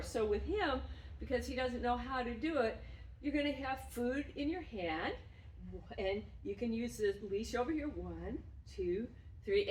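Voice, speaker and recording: Woman dog trainer, roomy distant sound. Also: a little hiss or hum. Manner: bursts into high, loud, effusive praise for the dog. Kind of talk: demonstrating dog training outdoors.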